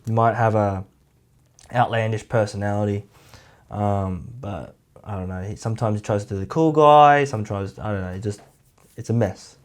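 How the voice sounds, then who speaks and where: Speaking at a normal speed in a fairly low voice, this Australian man rambles through a casual YouTube commentary. He leans heavily on "like" and throws in mocking remarks.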